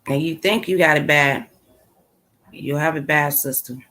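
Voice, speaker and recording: Low-voiced and unhurried, with a sharp tone, this woman hosts her own channel and comments casually to her live viewers. She's blunt, sassy and opinionated, and her speech is full of slang.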